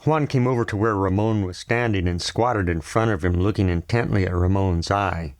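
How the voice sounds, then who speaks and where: Male novel narrator, gravelly, measured, recorded dry and close. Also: low-pitched, dry recording. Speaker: audiobook narrator.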